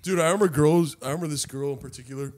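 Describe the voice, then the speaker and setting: Young male co-host, raised pitch, lively comic storyteller. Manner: animated, swearing, quick asides. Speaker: podcast co-host. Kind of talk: casual comedic storytelling.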